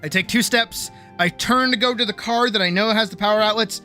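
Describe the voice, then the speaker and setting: Animated, exasperated woman telling a story. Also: mid-range voice, fairly quick, few pauses. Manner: animated, exasperated, swearing, acting out voices. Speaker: streamer. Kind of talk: casual storytelling on a livestream. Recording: faint music behind.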